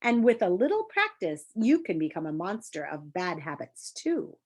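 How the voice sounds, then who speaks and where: Brief: sneering storybook demon, menacing and coaxing, lively up-and-down delivery, as a woman reads him. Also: on the low side, normal speed, breathy edge. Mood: sly menacing. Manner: menacing, then soft and deceitful. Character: sly sneering male demon of petty tasks.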